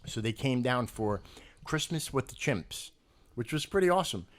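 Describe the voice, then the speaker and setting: A man telling a story in casual podcast chat, getting animated when he makes a point. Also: normal speed. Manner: animated storytelling, rising pitch when emphatic. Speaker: podcast co-host.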